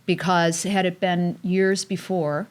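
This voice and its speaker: Middle-aged mom guesting on a chat show; tells stories emotionally, with pauses and fillers. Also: female voice, lowish voice, steady tone. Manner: emotional storytelling, halting with fillers. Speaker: guest mother. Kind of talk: casual podcast chat.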